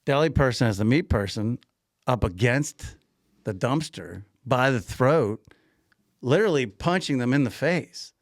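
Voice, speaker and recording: A man co-hosting a podcast, casually telling an animated anecdote, laughing often and repeating himself. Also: mid-range voice, measured pace, no echo, clean studio sound. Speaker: podcast co-host and grocery store owner.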